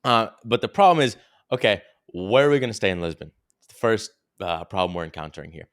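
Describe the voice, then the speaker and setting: A man's voice: fairly low pitch, lively intonation, fast, fairly bright tone. A young man hosting a podcast, telling a travel story in a rambling, casual way, swearing freely and saying "dude" a lot. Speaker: podcast co-host.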